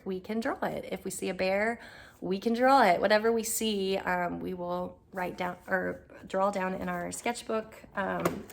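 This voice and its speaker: A homeschooling mother chatting casually to the camera, upbeat and full of ums, her voice slightly hoarse. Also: medium pitch, a little hiss or hum.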